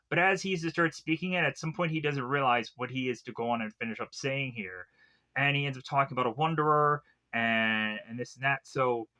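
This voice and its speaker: Bright-voiced rambling male reviewer. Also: on the high side. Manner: rambling, filler-heavy retelling. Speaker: film reviewer. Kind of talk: casual movie recap.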